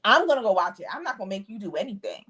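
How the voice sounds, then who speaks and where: A woman's voice: mid-range voice, very animated, rapid-fire, fairly bright tone, husky. A woman co-hosting a podcast in casual chat, giving blunt, curt retorts. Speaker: podcast co-host.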